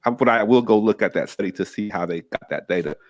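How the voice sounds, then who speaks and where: A man's voice: lowish voice, expressive, fast, no echo. A man co-hosting a motivational podcast, upbeat and chatty, reading out viewer comments. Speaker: podcast co-host. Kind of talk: casual podcast discussion.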